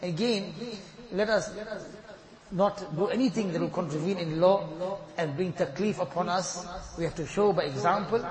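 A man with a high voice leads the congregation as imam, pleading fervently and repeating a refrain after each line. The sound rings through a reverberant mosque hall, with the gathered congregation audible behind him. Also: normal speed, a crowd in the background. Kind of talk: leading congregational supplication and announcements.

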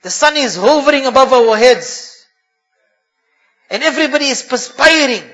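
A male preacher telling a sermon story with dramatic flair, dropping in Arabic phrases. His voice is very high for a man, bright and forceful. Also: animated, moderate pace.

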